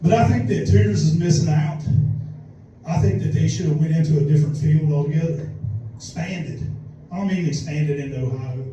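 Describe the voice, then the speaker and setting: A man's voice: a little high, brisk, dark tone, lo-fi sound, a little hiss or hum. A man doing a crude, rambling, self-mocking stand-up comedy set. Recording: distant echoey club recording.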